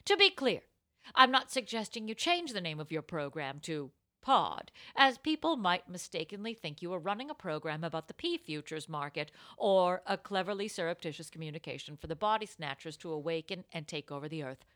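A woman's voice: lowish voice, brisk. A woman co-hosting a comedy podcast, chatting playfully, laughing often and reading a listener letter aloud. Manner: animated, laughs often, jumps into silly voices. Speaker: podcast co-host.

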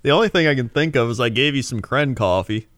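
A man's voice: medium pitch, lively intonation, fast, a bit bright, dry recording. A man chatting casually with a friend, giving short, easygoing replies. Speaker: podcast co-host. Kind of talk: casual chat.

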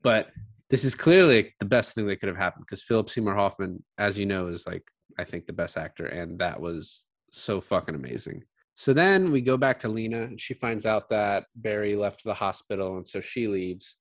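A man's voice: lowish voice, moderate pace. A man casually talking through a film's scenes with a co-host, swearing and enthusiastic. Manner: swearing, excited retelling of scenes. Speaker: podcast co-host. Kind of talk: casual movie discussion.

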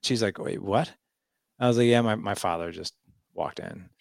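Brief: man, 40s, very low gravelly voice, dry close sound, animated storyteller. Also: normal speed, dry recording. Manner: animated, acts out quoted dialogue. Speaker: podcast guest. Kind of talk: casual storytelling.

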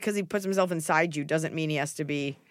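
A woman's voice: sits low, fast, no room sound, clean studio sound. A woman in her thirties hosting a casual advice podcast, blunt and joking, with lots of "like" in her speech. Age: 30s. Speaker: podcast host giving advice.

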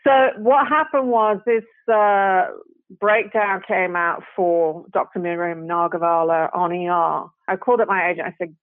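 A woman's voice: fairly low pitch, measured pace, no echo. A woman, an actress guest on an interview show, spins casual anecdotes with easy laughs and British slang. Her voice arrives over a thin, phone-like line with no room sound at all. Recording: tinny phone line, dry.

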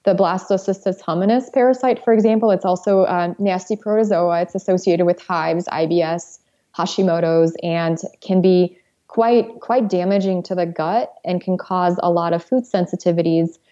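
A woman's voice: fairly low pitch, steady tone, normal speed, dark tone, muffled recording. A woman, a pharmacist guest, explaining treatments in a matter-of-fact way. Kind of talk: interview answers.

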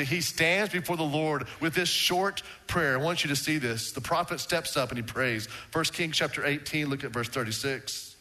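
A man preaching a sermon as pastor, animated, often restarting on a repeated word. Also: medium pitch.

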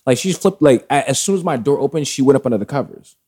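A man telling a story in casual chat, animated and profane, with loose street slang. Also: medium pitch, fast, slightly rough.

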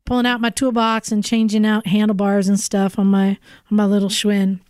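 A woman's voice: mid-range voice, level tone, moderate pace, darkish tone, no echo, clean studio sound. A woman hosting a casual podcast chat, reading listener emails aloud in an upbeat, chatty way with asides. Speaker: podcast host.

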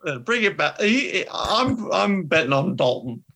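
Gravelly, bright Australian man ranting. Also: high voice, very animated, normal speed. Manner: ranting, opinionated, swears. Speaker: podcast co-host. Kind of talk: casual chat.

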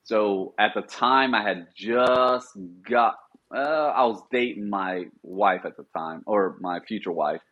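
A middle-aged man, a former Marine, telling relaxed stories as a podcast guest and acting out quoted dialogue. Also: on the low side, a little slow, lo-fi sound. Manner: relaxed anecdotal, often acts out quoted dialogue. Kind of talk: casual storytelling.

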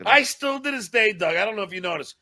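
A man who stutters, telling stories in a casual podcast chat with halting restarts. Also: high-pitched, expressive, bright, forceful tone. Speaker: guest.

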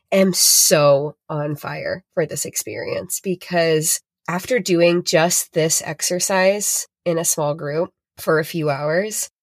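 Speaking with a lower voice and no audible room sound, a podcast host who facilitates retreats tries to inspire her audience. Her delivery is heartfelt and emotional, thick with filler words.

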